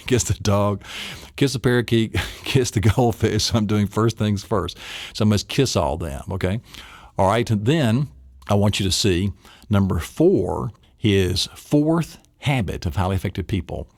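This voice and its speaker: A man's voice: lowish voice, darkish tone, no echo, studio quality. A middle-aged man teaching a memory technique, playful and acting out little scenes along the way. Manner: playful, acts out little scenes in silly voices. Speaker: memory trainer.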